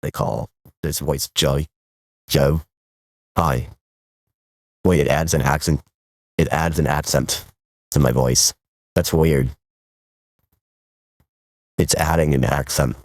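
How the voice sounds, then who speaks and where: A man's voice: extremely low pitch, fairly even intonation, slow, long pauses, no room sound, clean studio sound, pitched below the performer's own voice, heavily acted. A man using an AI voice changer that turns him into a man called Joey with an accent added by the filter, sounding puzzled by it. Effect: AI voice changer adding an accent.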